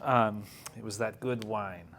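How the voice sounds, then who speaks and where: A man's voice: fairly low pitch, measured pace, fairly bright tone, a little hiss or hum. A man teaching an evening language class in a classroom, chatty and joking, laughing often. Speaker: Hebrew teacher.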